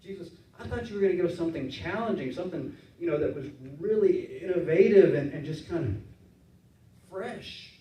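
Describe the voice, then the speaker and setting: A man preaching a sermon in a relaxed, conversational way, acting out the voices of his listeners. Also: fairly high pitch, normal speed. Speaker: pastor. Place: church sanctuary. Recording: roomy church sound from a distance.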